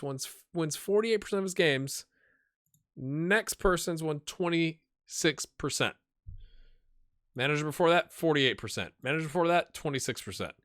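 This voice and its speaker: A man's voice: on the high side, fairly bright tone, no room sound, studio quality. A man hosting a gaming channel, casually commenting on a management game, chatty and thinking aloud with rhetorical questions.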